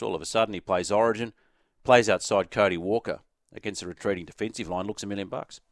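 An Australian man hosting sports talk radio, chatting quickly and inviting listeners to send in texts. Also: on the low side, fairly even intonation, no room sound, clean studio sound. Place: radio studio. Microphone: studio microphone.

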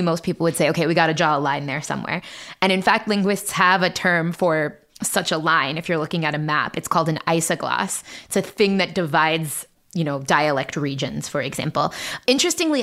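A woman from Central Ohio with a Midland accent explains things as a guest in an interview. Her voice sits a little low, and her tone is casual and explanatory. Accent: Midland American. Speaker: linguistics professor guest.

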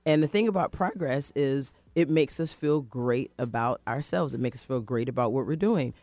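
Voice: mid-range voice, normal speed, no echo. An adult speaker in a casual radio talk show, giving upbeat life advice and acting out their own inner thoughts. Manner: animated, motivational, acts out quoted thoughts.

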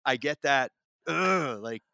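A man's voice: medium pitch, expressive, takes it slowly, creaky, sharp tone, no room sound. Guy rambling thru a story on a podcast, dry close sound. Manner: rambling storyteller, many restarts and fillers. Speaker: podcast co-host. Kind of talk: casual chat.

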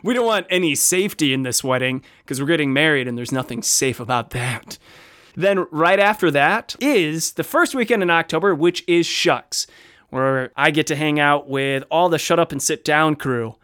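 A man with a slightly raised pitch co-hosts a casual podcast, playful and quick to joke. His voice is smooth and close, recorded dry with almost no room around it. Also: no room sound. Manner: playful, jokey, animated asides. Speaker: podcast co-host.

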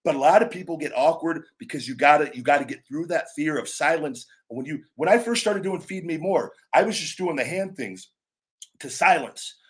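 Blunt, emphatic man talking wrestling. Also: a little high. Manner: emphatic, blunt, acts out catchphrases with shouts and drawn-out words. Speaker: podcast host and former pro wrestler. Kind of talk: opinionated casual talk.

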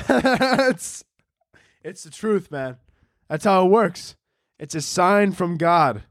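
A man's voice: high-pitched, takes it slowly, no room sound, studio quality. A man hosting a podcast alone, rambling casually and mocking himself with plenty of swearing. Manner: rambling, profane, self-mocking. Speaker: podcast host. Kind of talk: casual solo chat.

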